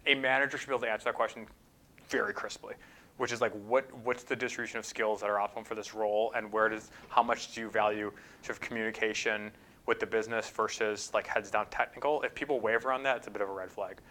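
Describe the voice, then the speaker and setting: A man's voice: lowish voice, steady tone, quick pace, sharp tone, slight background noise. A man speaking as a guest at a talk, answering audience questions in a thoughtful way with frequent fillers and restarts. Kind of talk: conference Q&A answers.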